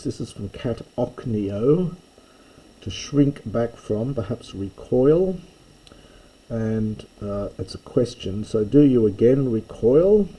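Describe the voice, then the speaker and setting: An older man giving a slow, halting line-by-line lecture, pausing often with ums and restarts. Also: fairly low pitch, expressive, dark tone, husky, poor audio. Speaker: classics lecturer.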